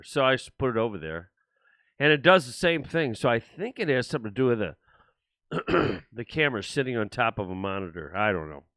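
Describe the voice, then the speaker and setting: A man's voice: medium pitch, sing-song, moderate pace, a bit bright, no echo. An older man hosting his own livestream show, talking alone to viewers in a rambling, frustrated way, with many restarts. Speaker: show host. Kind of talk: solo livestream talk.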